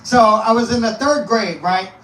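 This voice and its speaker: A man's voice: sits high, normal speed, a bit bright. A man from East Texas, a comedian guest, telling a profane, rambling story and laughing through his punchlines. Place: live comedy venue. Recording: echoey room, mic at a distance, faint noise.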